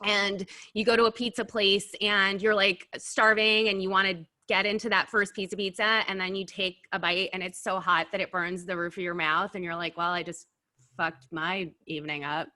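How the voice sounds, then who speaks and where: A woman hosting a casual chat while tasting wings, animated and blunt, sometimes talking with her mouth full. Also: medium pitch, normal speed, few pauses. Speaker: host. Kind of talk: casual food review chat.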